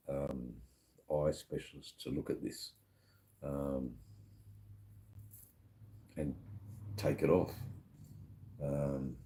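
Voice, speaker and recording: A man's voice: very deep voice, warm tone. A drunk man hosting a casual live stream from a bar, rambling and slurring with lots of fillers. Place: sitting at a bar.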